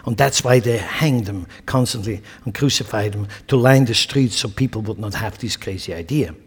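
A man's voice: on the low side, normal speed, breathy edge. A man preaching a sermon with impassioned, rhetorical delivery and scornful asides. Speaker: pastor. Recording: long hall reverb.

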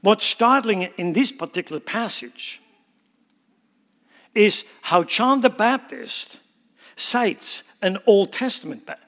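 A man's voice: high voice, sing-song, slow pace, fairly bright tone. A man preaching a sermon, emphatically explaining scripture line by line. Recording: long hall reverb.

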